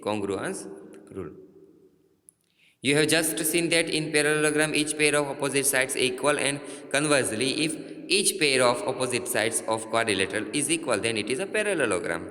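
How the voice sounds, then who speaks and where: A man with an Indian English accent teaching a maths lesson, halting and repeating himself with many fillers. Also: medium pitch, animated, sharp tone. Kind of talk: classroom lesson. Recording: roomy echo, long reverb.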